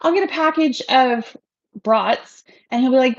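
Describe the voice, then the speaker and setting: A woman's voice: high voice, moderate pace, no echo, highs cut off. A woman chatting casually on a livestream, rambling from one thing to the next and laughing often. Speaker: realtor hosting a livestream.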